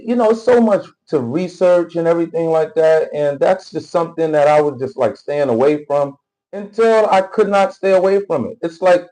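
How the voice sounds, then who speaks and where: A male livestream host talks loosely and at length, circling back on his points with constant filler phrases. His voice sits a little high for a man. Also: dark tone, poor audio. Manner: rambling, repetitive, keeps asking "you know what I'm saying". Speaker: livestream commentator. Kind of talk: casual political commentary reacting to clips and chat.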